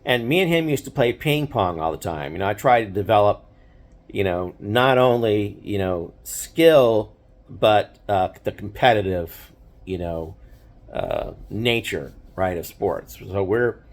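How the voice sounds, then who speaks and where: A man's voice: lowish voice, animated, a little slow. An older man telling personal stories in a casual, rambling way, full of fillers and restarts. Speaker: host. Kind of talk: casual storytelling.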